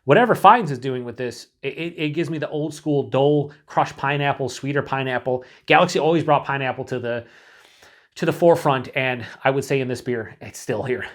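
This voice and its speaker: A man's voice: mid-range voice, moderate pace. Rambling man reviewing a beer. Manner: rambling, self-mocking, swears casually. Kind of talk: casual beer review monologue.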